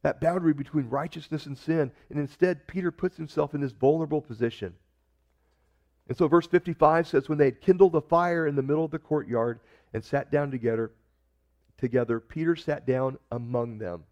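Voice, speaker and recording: Preaching man with lively acted quotes. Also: a little high, fairly quick, lo-fi sound. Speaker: pastor. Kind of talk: sermon.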